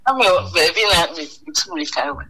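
A woman's voice: fairly low pitch, expressive, brisk, sharp tone, poor audio. A woman with a Ghanaian accent reading a Bible verse aloud during a radio sermon. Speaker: scripture reader.

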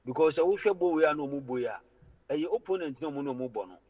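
A man's voice: fairly high pitch, animated, quick pace, darkish tone, slightly rough. Muffled, reverberant man arguing about football. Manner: argumentative, repeats fillers. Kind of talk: casual chat about football.

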